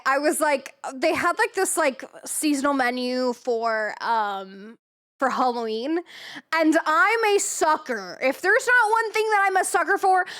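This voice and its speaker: A young woman streamer telling a story in a casual, animated way, swearing freely and acting out what people said. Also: high-pitched.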